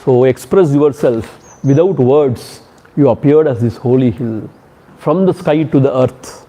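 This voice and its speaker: A man's voice: medium pitch, measured pace, mellow. A man with an Indian accent gives a devotional discourse as a swami. He chants verses and repeats key phrases with emphasis, chuckling between points. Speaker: swami giving a spiritual discourse. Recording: dull lo-fi recording.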